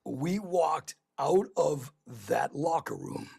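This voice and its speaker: A man's voice: on the high side, expressive, takes it slowly, gravelly, a little mellow, breathy edge. A man hosting a casual podcast, telling rambling anecdotes full of fillers. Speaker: podcast host. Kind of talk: casual chat, storytelling.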